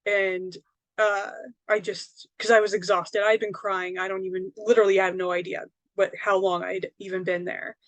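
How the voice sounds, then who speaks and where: A woman's voice: mid-range voice, level tone, moderate pace, no room sound. A woman, a psychic medium and author, telling a personal story in a casual, rambling way, full of fillers and tag questions.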